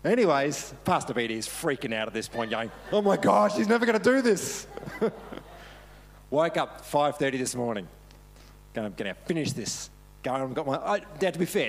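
Animated man preaching a sermon. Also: mid-range voice. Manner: self-deprecating, laughs often while talking. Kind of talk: casual storytelling sermon. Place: church service.

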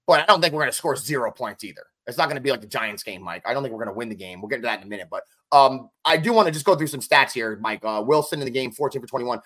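A man co-hosting a casual sports podcast, talking fast and emphatic as he runs through game stats. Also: mid-range voice, sharp tone. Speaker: podcast co-host.

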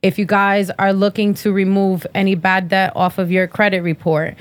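A woman's voice: mid-range voice, level tone, normal speed. A woman in her thirties hosting a podcast, talking bluntly and profanely in casual chat and sponsor reads. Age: 30s. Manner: blunt, profane, sassy trash talk. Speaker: podcast host.

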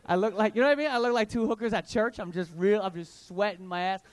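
A young man doing stand-up comedy, telling crude stories full of slang in an animated way on a club stage. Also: sits high, fast, no echo.

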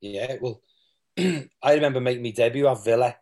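A man's voice: medium pitch, fairly quick, mellow. Male guest, ex-player, candid and rambling as he recalls his playing days. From England. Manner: rambling, with restarts and quoted asides. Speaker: former footballer, guest. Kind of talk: candid interview storytelling.

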